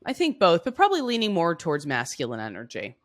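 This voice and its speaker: A woman co-hosting a podcast, telling stories casually with lively restarts and frequent laughs. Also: lowish voice, fast talker. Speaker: podcast co-host. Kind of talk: casual conversational storytelling.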